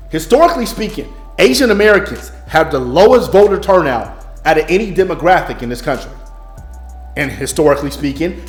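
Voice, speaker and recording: A man delivering an impassioned, blunt, profane monologue as a music business coach. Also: sits high. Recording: echoey room, faint music.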